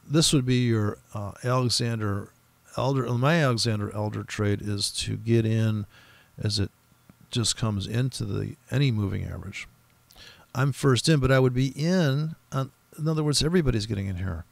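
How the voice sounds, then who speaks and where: Gravelly male trader, casual and profane, rambling over his charts, close dry mic. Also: mid-range voice, normal speed, dry recording. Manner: rambling, profane, mimics other traders in quoted voices. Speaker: forex trader streaming his trading. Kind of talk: profane casual trading commentary.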